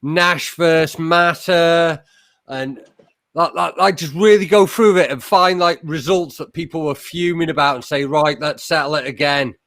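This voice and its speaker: A man's voice: a little high, measured pace, a bit bright, no room sound, clean studio sound. Rambling, swearing young Englishman. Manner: rambling, swears a lot, many fillers. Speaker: battle rapper. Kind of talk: casual chat.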